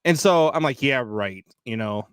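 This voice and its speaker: Man, co-host, casual sports chat, animated, lots of fillers, dry recording. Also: medium pitch, normal speed, smooth, no echo. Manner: animated storyteller, many fillers. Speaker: podcast co-host.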